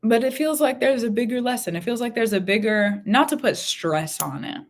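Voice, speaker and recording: A woman's voice: fairly high pitch, animated, moderate pace. A woman hosting a spiritual reading live stream from her room at home, talking in a rambling, heartfelt way and repeating her phrases. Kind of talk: casual live-stream talk.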